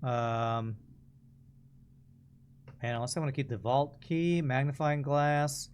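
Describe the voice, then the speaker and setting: A man streaming a puzzle game in a relaxed, musing way, whose sentences often trail off quietly. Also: mid-range voice, slow pace, a little hiss or hum. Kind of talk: casual gameplay commentary.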